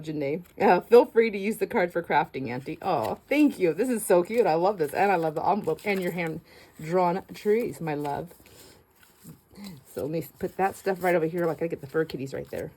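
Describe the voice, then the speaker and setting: A middle-aged woman hosting a casual crafting vlog. She chats warmly to viewers, gushing and laughing, with frequent restarts. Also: fairly low pitch, lively intonation, moderate pace, slightly rough, low-quality recording. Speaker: craft channel host.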